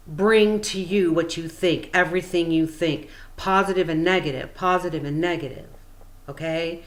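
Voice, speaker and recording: Slow-talking low-voiced woman spiritual coach. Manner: meandering, chatty, with frequent fillers. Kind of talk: casual explanatory talk.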